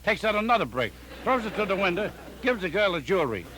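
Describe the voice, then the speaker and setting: An older male comedian rattling off one-liners in a punchy, deadpan joke-telling style. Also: sits high, a little hiss or hum, rough recording. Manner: punchy deadpan joke delivery with quick setups. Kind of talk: rapid-fire one-liner joke recording.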